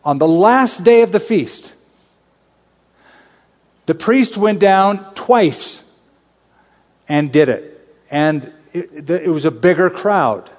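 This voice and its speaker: A male Bible teacher with a fairly high voice gives an expository sermon, starting relaxed and conversational before pushing into urgent, emphatic appeals. He speaks slowly with long pauses, and his voice rings with the long reverb of a large hall.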